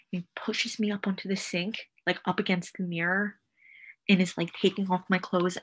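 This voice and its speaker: A young woman recounting a personal experience in a halting way, with many fillers. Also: lowish voice, fairly bright tone. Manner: halting, filler-laden storytelling. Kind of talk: personal testimony.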